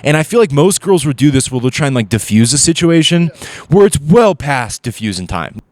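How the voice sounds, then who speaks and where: A man's voice: on the high side, fairly quick, no room sound. A man, a guest comedian, telling casual comic stories with lots of swearing and acted-out quotes. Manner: animated, profane, acts out quotes.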